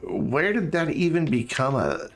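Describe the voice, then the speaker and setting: A man's voice: fairly high pitch, big pitch swings, measured pace, faint music behind. A man chatting casually while he streams a game, joking and talking to objects in it. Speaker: live streamer. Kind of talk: casual gameplay stream chat.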